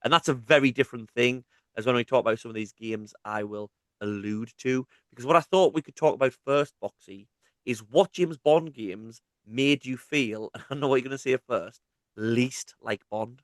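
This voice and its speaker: A man in his thirties with a Mackem accent chats loosely as co-host of a gaming podcast. He is teasing and jokey, at a middling pitch. The sound is dry and close, with no room echo. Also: moderate pace, fairly bright tone. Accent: Mackem (Sunderland). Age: 30s. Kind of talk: casual gaming podcast chat.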